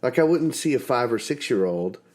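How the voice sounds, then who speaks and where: A middle-aged man hosting a podcast, chatting casually in a teasing, halting way full of fillers. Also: medium pitch, lively intonation, darkish tone. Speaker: podcast host. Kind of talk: casual chat.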